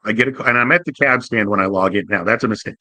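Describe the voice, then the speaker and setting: A man hosting a show who tells a profane, jokey anecdote in a casual and animated way. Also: lowish voice, very fast, dry recording. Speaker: host. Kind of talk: casual comic storytelling.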